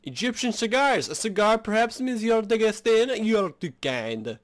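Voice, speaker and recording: Man putting on a French-accented gentleman. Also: high-pitched, sing-song, normal speed, voice pushed up. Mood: courteous. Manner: exaggerated, theatrically formal. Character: fancy French-accented train passenger. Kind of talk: reading game dialogue aloud.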